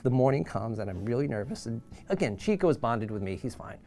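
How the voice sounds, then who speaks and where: A man in his sixties, an animal trainer, telling an anecdote in an animated way and acting out the voices of the people in it. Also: medium pitch, a little fast, gravelly. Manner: animated, acts out quoted voices. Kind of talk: storytelling anecdote.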